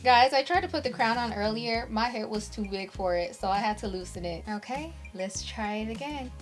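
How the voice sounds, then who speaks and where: A woman's voice: a little high, brisk, few pauses, music in the background. A young woman, a pageant titleholder, gushing and emotional while chatting casually through an unboxing vlog.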